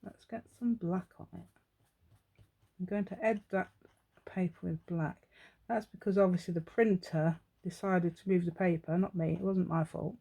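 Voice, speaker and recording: A woman's voice: lowish voice, steady tone, normal speed, gravelly, mellow, husky. A woman hosting a crafting tutorial, chatting as she works, rambling and laughing often. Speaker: craft channel host.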